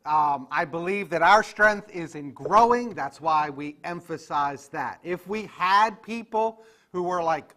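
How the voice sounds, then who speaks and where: Male pastor, high-pitched, chatty class teacher who keeps asking the group if that's fair. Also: lively intonation, unhurried, pushed and bright. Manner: conversational, checks in with the group often. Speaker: pastor leading an adult class. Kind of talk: casual church class teaching.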